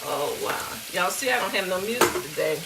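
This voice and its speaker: Speaking with a fairly low pitch, lively intonation and a moderate pace, this Southern US woman chats folksily with her audience while demonstrating home cooking in her kitchen. The clip is very noisy, with food frying loudly in a pan throughout.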